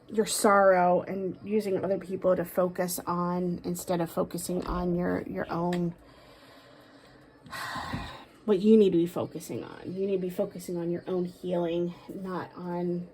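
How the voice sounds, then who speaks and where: A woman doing a casual tarot reading, talking aloud to a spirit, with sighs, pauses and soft asides. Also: lowish voice, a little hiss or hum. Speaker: tarot card reader.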